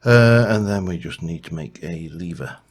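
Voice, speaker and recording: A man's voice: deep voice, normal speed, slightly rough. A man thinking aloud as he narrates his building game, rambling and humming to himself as he works. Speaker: let's play host. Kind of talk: gameplay commentary.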